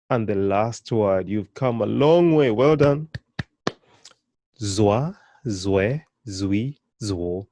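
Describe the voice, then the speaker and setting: Slow, encouraging man teaching. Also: mid-range voice, dark tone, dry recording. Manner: patient, encouraging, repeats syllables slowly. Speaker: language teacher. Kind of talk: beginner pronunciation lesson.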